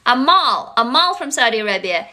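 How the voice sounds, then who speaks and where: A woman from Russia, hosting a casual livestream chat, gushing and excitable, swearing freely. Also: a little high, normal speed. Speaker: livestream host.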